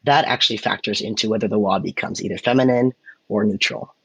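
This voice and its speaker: A man's voice: lowish voice, steady tone, fast talker, fairly bright tone, breathy edge, no echo, low-quality recording. A man co-hosting a podcast, explaining points in a casual chat and then demonstrating intonation by example, on a close mic. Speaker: podcast co-host.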